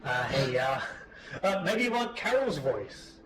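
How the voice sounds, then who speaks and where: A man's voice: mid-range voice, sing-song, measured pace, background noise. A man co-hosting a casual podcast at an English school, joking around in a loose, playful way. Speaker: podcast co-host and English teacher.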